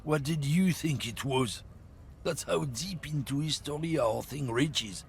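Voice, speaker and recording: A man voicing a gruff, bigoted middle-aged trucker from a game, swaggering and sneering as he boasts. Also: fairly high pitch, a little slow, a little hiss or hum. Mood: boastful. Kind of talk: voicing game dialogue on a livestream.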